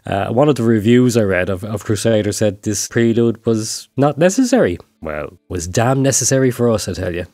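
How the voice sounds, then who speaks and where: A man's voice: fairly low pitch, normal speed, hardly any pauses, dry recording, clean studio sound. A man co-hosting a podcast about albums, mixing casual chat with dramatic read-out track reviews. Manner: animated, reads out dramatic track descriptions. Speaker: podcast co-host.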